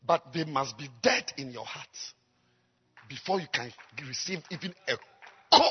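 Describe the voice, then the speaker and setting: A man preaching a sermon as a pastor, dropping to low murmurs and rising to high shouts. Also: animated, a little slow, highs cut off, a little hiss or hum. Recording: long hall reverb.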